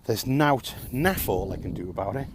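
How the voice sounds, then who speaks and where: Man, ranting vlog, frustrated and sarcastic, lively up-and-down pitch, faint hiss behind. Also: moderate pace. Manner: frustrated, sarcastic, swears often. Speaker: vlogger.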